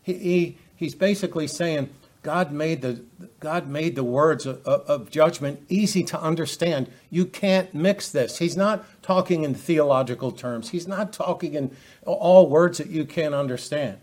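Halting man teaching scripture. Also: fairly high pitch, darkish tone. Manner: halting, many fillers and restarts. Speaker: preacher. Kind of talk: expository Bible teaching.

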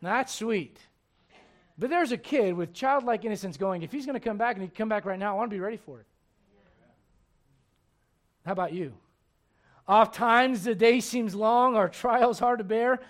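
Man, middle-aged, pastor, very high voice, sermon, dynamic swings from loud to hushed, acts out voices. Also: moderate pace, long pauses. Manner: acts out voices in little scenes.

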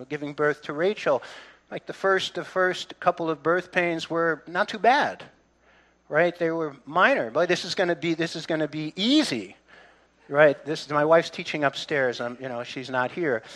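Bright-voiced middle-aged male pastor preaching. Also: a little high, normal speed. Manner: conversational preaching, frequent restarts and asides to the congregation. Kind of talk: sermon.

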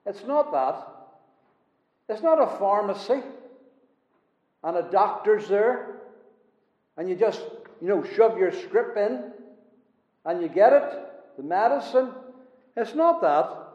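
A man preaching a sermon to a congregation, emphatic, with dramatic swings between quiet and loud passages. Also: high voice, sing-song, slow pace, long pauses. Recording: echoey hall, dull lo-fi sound.

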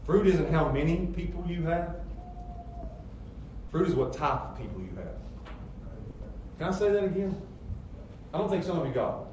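A middle-aged pastor preaching a sermon with emphatic, rising rhetorical questions. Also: male voice, fairly high pitch, expressive, normal speed, pauses often, a little mellow. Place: church sanctuary. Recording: very echoey church hall, distant mic, faint noise.

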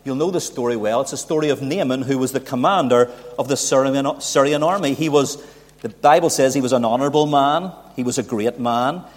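A man's voice: medium pitch, a little fast. A man preaching a sermon, building emphasis and asking rhetorical questions. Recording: long hall reverb.

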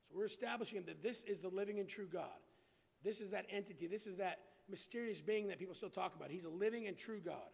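High gravelly preacher in a reverberant church. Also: male voice. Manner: reads scripture slowly and emphatically, then drops to quiet asides. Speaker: pastor. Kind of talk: expository Bible sermon. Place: church building.

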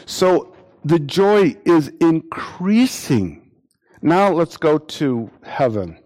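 A man preaching a sermon, repeating phrases for emphasis and acting out imagined quotes in lively voices. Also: a little high, drawn-out words.

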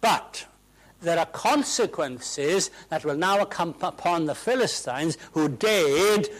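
A man preaching a sermon in a church, swinging from hushed asides to loud, ringing proclamations. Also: on the high side, lively intonation, takes it slowly, poor audio.

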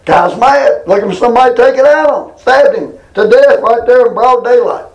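High-voiced preacher man. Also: roomy sound, a little hiss or hum, poor audio. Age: older. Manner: colloquial, drawls scripture slowly and with emphasis. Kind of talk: folksy sermon.

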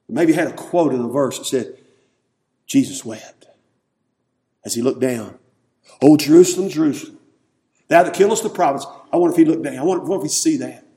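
A man preaching an emotional sermon in a church, swinging from loud calls to hushed, tender lines. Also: on the high side. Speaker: pastor. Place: church sanctuary.

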